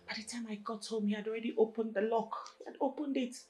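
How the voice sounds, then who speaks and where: An actress with a Nigerian accent playing a guilt-ridden wife who pleads anxiously and panics in a film drama. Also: female voice, on the high side, fairly even intonation, fast, dark tone, close to an everyday voice. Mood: distraught. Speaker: actor.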